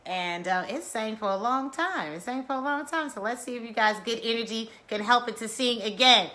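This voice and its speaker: A middle-aged woman hosting a wellness video, leading guided breathing and chatting in a lively, playful way. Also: on the high side, normal speed. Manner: lively, playful, drawls and chuckles. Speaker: wellness vlogger. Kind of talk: guided breathing and casual chat.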